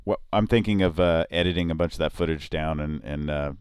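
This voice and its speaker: Casual live-stream co-host, a man with a deep, smooth voice, chatty and rambling. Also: brisk, a little mellow, no echo, studio quality. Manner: rambling, many restarts, swears casually. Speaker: podcast host.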